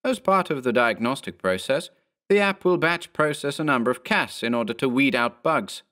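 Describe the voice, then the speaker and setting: A man voicing a calm, casually reassuring clone of a man in a horror audiobook. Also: mid-range voice, brisk, voice pushed up. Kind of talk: audiobook character voice.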